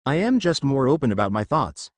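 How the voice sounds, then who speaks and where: A man's voice: medium pitch, very animated, fairly quick, dry recording. A man voicing a boastful, pervy teenage schoolboy in a read-aloud story, proud of himself.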